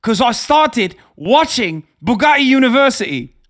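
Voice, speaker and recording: Man doing a baffled young friend, questioning, raised pitch. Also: big pitch swings, a little slow, a bit bright, exaggerated voice. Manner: bewildered, questioning.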